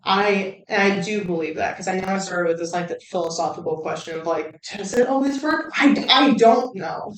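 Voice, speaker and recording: A woman's voice: medium pitch, far from the mic. Blunt, swearing woman in echoey room. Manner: blunt, heavy swearing, animated asides. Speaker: recovery channel host. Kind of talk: casual candid talk.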